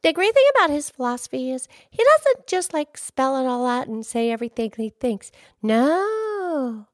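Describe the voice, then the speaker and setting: A woman voicing an excitable, chatty young female character named Pinky, in a two-voice character chat. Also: normal speed, no room sound, clean studio sound. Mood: eager. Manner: eager, gushing, much higher than her own voice.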